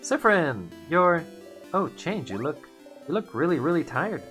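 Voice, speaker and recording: A man's voice: on the high side, very animated, unhurried, fairly bright tone, faint music behind, pitched above the performer's own voice. A man voicing a cheerful young housemaiden in a game, chatty and concerned.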